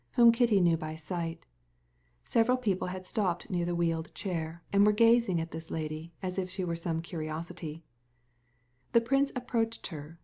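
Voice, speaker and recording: A woman narrating a classic novel as an audiobook, in a measured, even reading. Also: lowish voice.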